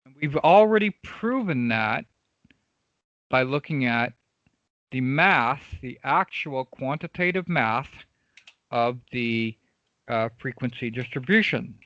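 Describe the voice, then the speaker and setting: A man's voice: mid-range voice, animated, slow, long pauses, a bit bright, no echo, lo-fi sound. A man teaching a live online trading class, emphatic and repetitive, often checking in with his students. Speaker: trading coach.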